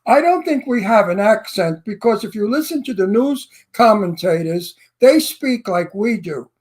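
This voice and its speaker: Blunt New York co-host, brash. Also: male voice, high-pitched, animated, moderate pace, a little mellow. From Brooklyn, New York. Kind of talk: casual interview chat.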